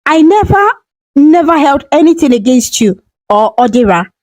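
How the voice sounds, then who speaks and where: Woman voicing a gentle dying old mother. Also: high-pitched, expressive, moderate pace, rough recording. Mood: tender. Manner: soft, whispery.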